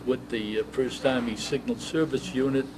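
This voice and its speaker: A man's voice: medium pitch, steady tone. Elderly man reminiscing over a hiss. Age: 80s. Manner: reminiscing, halting storytelling. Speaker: veteran interviewee. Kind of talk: oral history interview.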